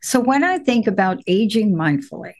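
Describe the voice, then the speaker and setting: Animated woman show host. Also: mid-range voice. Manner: animated, laughing, storytelling with drawn-out emphasis. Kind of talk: conversational show interview.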